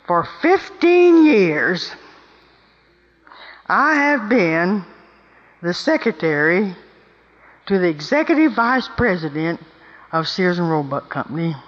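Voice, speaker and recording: A woman's voice: on the low side, big pitch swings, slow pace, long pauses, exaggerated voice. An earnest, confiding office secretary, quoted by an older woman telling a story. She speaks from a big hall that carries a long echo. The recording sounds a little muffled.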